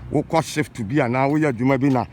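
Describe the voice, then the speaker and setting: A man's voice: mid-range voice, steady tone, fast talker, background noise. A man from Ghana with a Ghanaian accent, scolding and ranting in an exasperated casual monologue. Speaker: vlogger.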